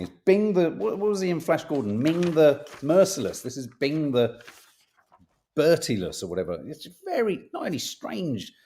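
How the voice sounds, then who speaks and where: A man's voice: fairly high pitch, dark tone. A man hosting a casual podcast, reading tabloid stories aloud with playful emphasis and jokey asides, swearing now and then.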